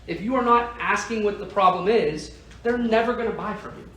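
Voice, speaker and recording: A man with a high, pushed, bright voice talks a little fast as he delivers a motivational sales training talk to insurance agents. He's emphatic and keeps asking the audience "right?" The recording is distant, in an echoey room.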